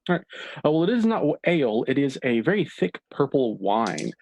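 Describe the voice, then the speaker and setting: A male dungeon master narrating a tabletop game at a mid pitch. His telling is relaxed and descriptive, with a dry, close sound. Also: a little fast, no room sound. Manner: descriptive and relaxed, with filler words.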